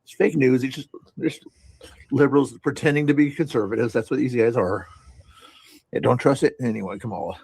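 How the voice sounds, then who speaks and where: A man's voice: medium pitch, brisk, vocal fry, darkish tone, husky, no echo. A man reviewing his own stream, talking casually in a rambling way, repeating words and restarting sentences, with sarcastic asides. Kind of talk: casual commentary over stream playback.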